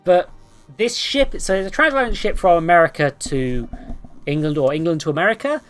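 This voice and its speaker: Sarcastic, lively woman streamer. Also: lowish voice, fairly quick, soft background music. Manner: sarcastic, swears, greets monsters playfully. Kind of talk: casual gameplay commentary.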